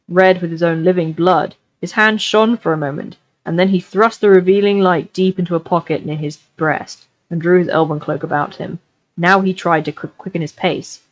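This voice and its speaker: A woman reading a novel aloud on a live stream, with expressive delivery that slows down for dramatic passages. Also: on the low side, poor audio.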